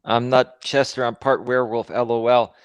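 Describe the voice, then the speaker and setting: Measured, smooth-voiced man guest. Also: mid-range voice, little pitch movement, no room sound. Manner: measured, hedging, careful phrasing. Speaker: guest streamer. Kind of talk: casual livestream chat.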